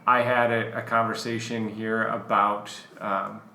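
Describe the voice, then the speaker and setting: A man with a lowish, bright, forceful voice co-hosts a casual podcast, rambling through his points with plenty of fillers. The room is roomy and echoey, with a faint hiss. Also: measured pace, vocal fry. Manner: relaxed, rambling, filler-heavy. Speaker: podcast co-host.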